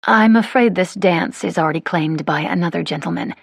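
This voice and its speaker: A dry, witty young lady, voiced by a woman narrating an audiobook, polite but curt in her replies. The tone sits low and husky. The recording is close and dry. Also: fairly quick, no echo. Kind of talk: audiobook character voice.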